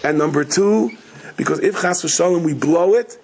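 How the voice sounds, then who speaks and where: A middle-aged man giving a sermon as a rabbi, telling stories in a rapid, chatty, joking way. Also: fairly high pitch, a little mellow, slightly rough, rough recording. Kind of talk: sermon with humorous storytelling.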